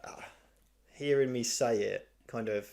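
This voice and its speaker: An English father in casual podcast chat, speaking in a halting, self-interrupting way. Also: medium pitch, gravelly, darkish tone.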